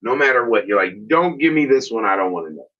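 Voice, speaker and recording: A husky-voiced man co-hosting a podcast, talking loosely and profanely. He tells his stories with animation. The recording sounds dull and lo-fi. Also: fairly low pitch, big pitch swings, quick pace. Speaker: podcast co-host. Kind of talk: casual chat.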